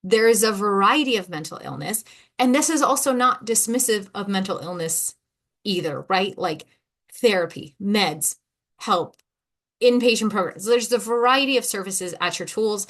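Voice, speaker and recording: A woman talking solo on her podcast as a coach, chatty and unscripted. She rambles, cuts herself off and circles back, repeating words as she goes. Her pitch sits in an ordinary middle range for a woman. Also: expressive, moderate pace, a bit bright. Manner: rambling, self-interrupting, repeats words, laughs easily. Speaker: podcast host and ADHD coach. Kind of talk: casual solo podcast monologue.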